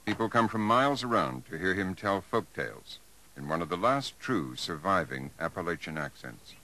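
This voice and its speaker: A man narrating a documentary in a deep, bright voice that moves freely up and down. His delivery is measured and polished, recorded as a 1980s broadcast voice-over. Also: very animated, rough recording.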